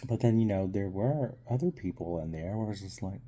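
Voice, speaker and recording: A man's voice: on the low side, lively intonation, a little fast, dark tone, a little hiss or hum. A man giving a casual, hesitant movie review on his vlog, full of ums, while still getting over being sick.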